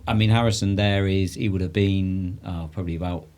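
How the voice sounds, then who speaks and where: A man hosting a casual podcast interview, talking in a relaxed, hesitant way with many fillers. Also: low-pitched, fairly quick. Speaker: podcast host.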